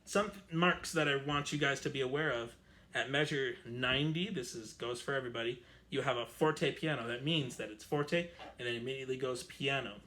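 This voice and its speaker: A man's voice: medium pitch, brisk, sharp tone. A man teaching an online string orchestra lesson, chatty and explanatory, correcting himself as he goes. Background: violin playing.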